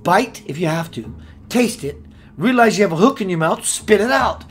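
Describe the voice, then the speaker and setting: A man hosting a spiritual radio show, preaching with playful rhymes and sudden swings between loud and hushed. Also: sits high, lively intonation, normal speed, faint music behind. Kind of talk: impassioned spiritual talk.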